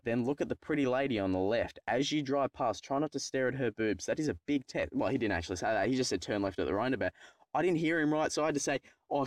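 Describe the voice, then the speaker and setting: A man's voice: mid-range voice, no room sound. A young Australian man telling a story about his driving test in a rambling, profane, self-mocking way. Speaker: YouTuber telling a personal story. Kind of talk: casual storytelling vlog.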